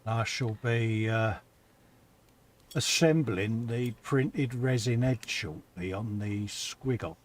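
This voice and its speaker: A man's voice: on the low side, slow pace. A man co-hosting a casual live stream, laid-back and matey, often agreeing with his partner. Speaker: co-host of a modelling stream.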